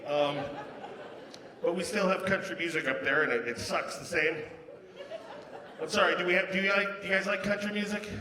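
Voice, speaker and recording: Stand-up comic from Canada, fairly high voice, belts out song bits, live hall reverb. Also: male voice, fairly quick, long pauses. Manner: bursts into loud sung and acted bits. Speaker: stand-up comedian. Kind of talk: stand-up comedy set. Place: large casino showroom with a live audience. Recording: echoey live hall, crowd. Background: audience laughter.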